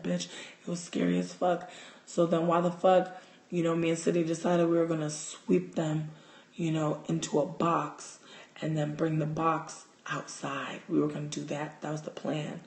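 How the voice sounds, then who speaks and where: A man hosting a livestream, telling a story in casual, profane, animated talk. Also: a little high, unhurried, echoey room. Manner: animated, profane, gets loud and excited. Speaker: livestream host.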